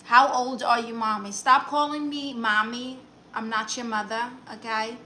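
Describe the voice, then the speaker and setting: Bright, brassy Brooklyn woman. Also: a little high, steady tone, a little slow, slight background noise. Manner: brassy, sassy, teasing banter. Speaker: comedian reading live chat comments. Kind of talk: live-stream chat in a sassy aunt persona.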